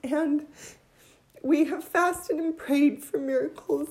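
A woman giving an emotional religious testimony, near tears, heartfelt and halting. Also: high-pitched, fairly even intonation, a little mellow.

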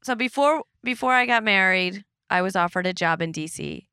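A woman's voice: medium pitch, normal speed, bright, forceful tone, smooth, no echo, clean studio sound. A woman hosting a podcast, chatting casually with a friend, rambling and laughing often. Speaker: podcast host. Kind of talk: casual chat.

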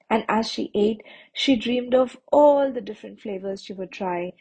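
Mellow, husky-voiced woman storyteller. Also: on the high side, rough recording. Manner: expressive, sing-song rhyming delivery, switches between English and Hindi. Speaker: channel host reading stories for children. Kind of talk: read-aloud storytelling with casual commentary.

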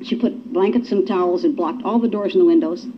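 A woman's voice: lowish voice, brisk. An older woman speaking at a recovery meeting, telling her story in a folksy, emphatic way with exclamations. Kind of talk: personal recovery talk to a meeting. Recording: dull lo-fi recording with faint hiss.

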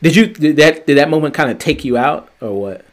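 A man co-hosting a podcast, chatting casually about TV shows in a rambling, animated way, full of fillers, restarts and swearing. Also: fairly high pitch, fairly quick. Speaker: podcast co-host. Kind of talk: casual review chat.

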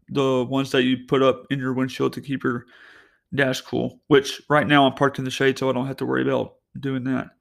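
Sitting in a parked car, a young podcast host tells stories on his own in a loose, meandering way, full of false starts and filler words. His voice is mid-range, creaky and fairly bright.

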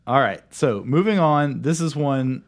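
A man's voice: medium pitch, animated, unhurried. Playful man in his thirties hosting. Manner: playful, laughs often while running a quiz. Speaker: host. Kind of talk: casual chat.

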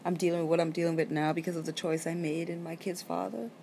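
A woman's voice: on the low side, steady tone, quick pace, vocal fry, warm tone, slight background noise. A woman co-hosting a casual chat with her husband, sleepy and opinionated, arguing her points. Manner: argumentative, opinionated. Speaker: podcast co-host.

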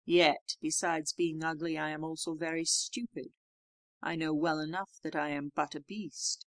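Lady reading as a sad gruff storybook beast, low voice, humble and awkward, dry sound. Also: level tone, normal speed, no echo, lightly acted. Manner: melancholy, humble, politely awkward. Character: gentle, sad, clumsy male beast.

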